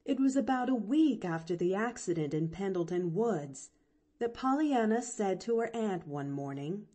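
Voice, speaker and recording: A woman narrating a classic novel for an audiobook in a measured, unhurried way. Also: medium pitch, lively intonation, dark tone.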